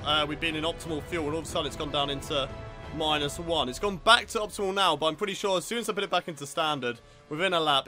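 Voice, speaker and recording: A man's voice: fairly high pitch, sharp tone. A young man commentating live on his own racing game, getting frustrated and swearing at it. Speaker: gaming video host.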